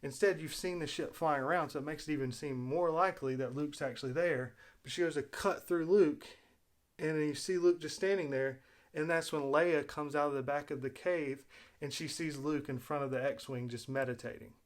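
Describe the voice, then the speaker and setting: Hosting his own video, a man with a voice on the high side retells a story at normal speed. It's casual spoken commentary, rambling, full of fillers and restarts.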